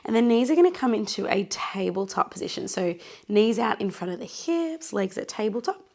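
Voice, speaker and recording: A hoarse, run-down young woman leading a pilates workout with a raspy voice, encouraging and counting reps as she cues each breath. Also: medium pitch, lively intonation, a little fast, darkish tone. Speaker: pilates instructor. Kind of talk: guided workout instruction.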